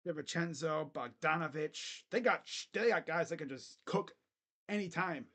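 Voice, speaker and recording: Loud, crude young sports fan man. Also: sits high, normal speed. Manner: blunt, crude joking with loud bursts. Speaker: sports channel host. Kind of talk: casual live game reaction. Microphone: webcam setup.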